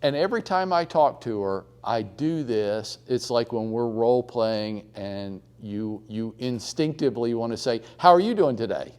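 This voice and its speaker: A man teaches a room full of agents in a blunt, animated way. He swings between stories and little acted-out phone calls, and his voice sits at an ordinary pitch for a man. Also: a little slow, few pauses, smooth. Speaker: real estate trainer. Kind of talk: live training talk to a room. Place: training room with audience.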